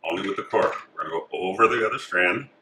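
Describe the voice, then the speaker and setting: A man calmly talking through each step of a craft tutorial as he works with his hands. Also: sits low, fast talker, a little hiss or hum. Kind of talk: step-by-step instruction. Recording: echoey room.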